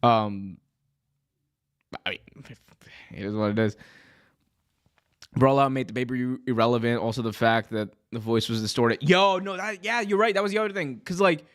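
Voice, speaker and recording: A man hosting a wrestling podcast, talking loosely to his viewers. He jumps into excited reactions, laughs and drops slang throughout. His voice sits at an ordinary mid-range pitch. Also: moderate pace, long pauses. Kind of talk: casual livestream commentary.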